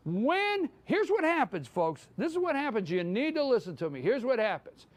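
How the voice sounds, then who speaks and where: A man's voice: very high-pitched, sing-song, normal speed. A man hosting a live morning show, giving an emphatic opinion monologue and repeating his points. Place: live broadcast from a downtown spot.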